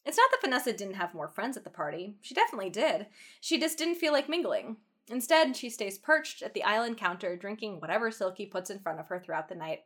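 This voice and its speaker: A woman's voice: mid-range voice, sing-song, fast talker, a bit bright. A young woman co-hosting a comedy podcast, reading fan fiction aloud and joking with friends, often breaking into laughter. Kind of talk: casual comedic reading and chat.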